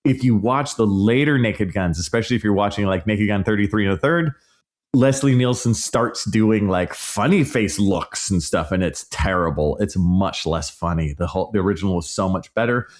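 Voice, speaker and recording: A lowish-voiced middle-aged man talks at a normal pace as he hosts his casual one-man podcast. His movie review comes out as a frank, fed-up rant.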